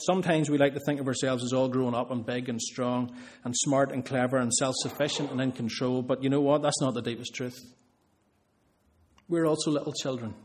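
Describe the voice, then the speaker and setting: A man preaching a sermon, earnest, building emphasis through repeated phrases. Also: fairly high pitch.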